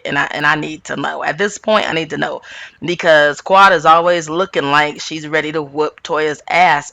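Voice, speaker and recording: This is a gravelly-voiced woman recapping a reality show in a casual, opinionated rant, her pitch suddenly jumping up as she gets animated. The recording is dry.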